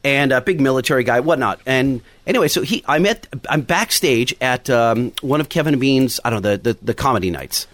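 A man's voice: medium pitch, lively intonation, brisk, few pauses, fairly bright tone, no room sound. A man telling a long, rambling story from home in a casual podcast chat. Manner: rambling, goes off on tangents. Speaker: podcast guest. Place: home recording.

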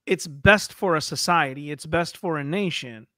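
A man hosting a podcast, talking through theology in a thoughtful, halting way with many fillers. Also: on the high side, pushed and bright, no echo, studio quality. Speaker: podcast host. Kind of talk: casual theological discussion.

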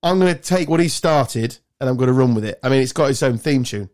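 A man's voice: fast, a little hiss or hum. A man hosting a quiz game with friends in casual banter, playful and teasing. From England. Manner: playful, teasing quizmaster, lively pitch swings. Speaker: podcast host running a quiz game.

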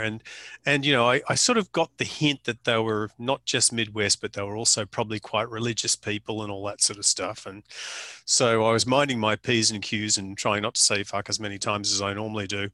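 An Australian man with a forceful, ringing voice tells stories in a loose, conversational way. His delivery is dry and close, full of slang and the occasional curse. He speaks as a photographer sharing his experience. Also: fairly low pitch, brisk, no room sound. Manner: colourful, anecdotal, with mild swearing and slang. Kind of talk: storytelling interview chat.

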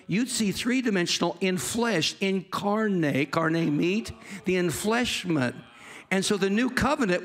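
A man delivering a sermon in a fairly high voice. He tells the story with animation and acts out its characters as he goes. Now and then he jokes with his congregation. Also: fairly bright tone. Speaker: preacher.

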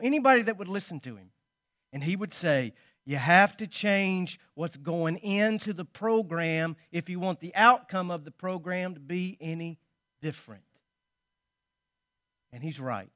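A man preaching a sermon, telling stories and swinging between loud emphasis and quiet asides. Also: high-pitched, dry recording, clean studio sound. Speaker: pastor.

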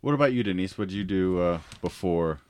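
A man's voice: sits low, lively intonation, brisk, a little mellow, smooth. A man hosting a casual interview, friendly and jokey, laughing often. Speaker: host.

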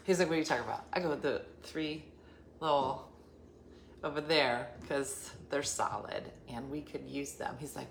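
A woman's voice: sits low, moderate pace, vocal fry. A middle-aged woman telling a rambling personal story to her viewers, acting out the dialogue in changing voices and sometimes dropping to a whisper. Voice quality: chatty, animated, acts out dialogue in shifting voices and whispers. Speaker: vlogger. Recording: echoey room with faint background noise.

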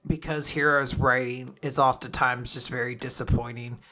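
Bright-voiced male podcast host. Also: medium pitch, normal speed. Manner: animated, fond of acting out quotes. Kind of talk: casual podcast chat.

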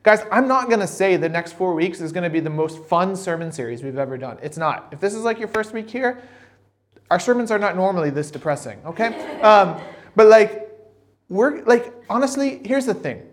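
A male pastor preaches in a loose, conversational way. He often stops and restarts his sentences. When he tells a story, he becomes lively and animated. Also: high voice. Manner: conversational and halting, many restarts. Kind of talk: sermon.

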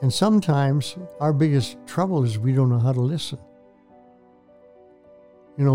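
A man's voice: medium pitch, moderate pace, gravelly, pauses often, mellow, soft background music. An older man, a minister, telling his faith story to an interviewer in an earnest, preacherly way that repeats phrases for emphasis. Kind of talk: testimony in a Christian talk show interview.

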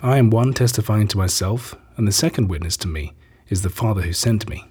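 A man reading scripture, giving Jesus's lines in a measured, solemn way. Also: on the low side, darkish tone, husky. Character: Jesus, a calm, authoritative teacher, adult man.

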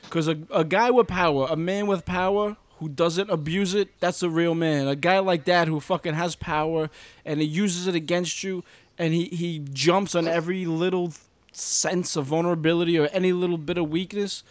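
A man co-hosting a podcast, pressing his points hard and cursing freely. His voice sits a little high for a man. The sound is dry and close. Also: no room sound. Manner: emphatic, profane. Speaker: podcast co-host. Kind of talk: casual podcast chat.

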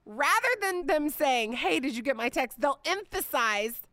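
Chatty woman in her forties, higher voice. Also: unhurried, no echo, clean studio sound. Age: 40s. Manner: chatty and expressive, with playful asides. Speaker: podcast host and Bible teacher. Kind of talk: casual Bible teaching podcast.

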